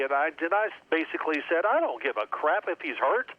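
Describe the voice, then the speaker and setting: A man in his sixties, a former quarterback, telling lively football anecdotes and acting out his old coach's yelling. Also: medium pitch, normal speed, hardly any pauses, dry recording. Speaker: former NFL quarterback guest. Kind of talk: storytelling phone interview. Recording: tinny phone line.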